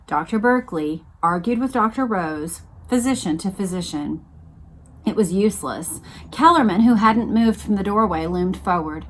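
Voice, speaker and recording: A woman narrating a history book aloud in a steady read-along style, with dramatic emphasis. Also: mid-range voice, normal speed. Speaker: reader of a book series.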